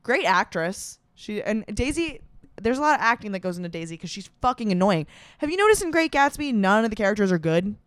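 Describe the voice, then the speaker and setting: A woman's voice: mid-range voice, big pitch swings, brisk, dry recording, clean studio sound. Chatty, profane young woman podcast host. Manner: chatty, profane, sarcastic rambling. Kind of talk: casual comedic monologue.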